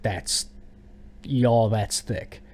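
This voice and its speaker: A man's voice: on the low side, fairly even intonation, drawn-out words, a little mellow. An American man co-hosting a casual podcast, musing in a self-deprecating, conversational way. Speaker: podcast co-host.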